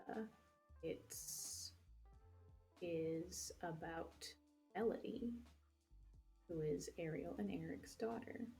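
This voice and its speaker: A young woman hosts a livestream, chatting casually as she crafts, rambling with lots of fillers and swearing often. Her voice is on the low side and a little mellow.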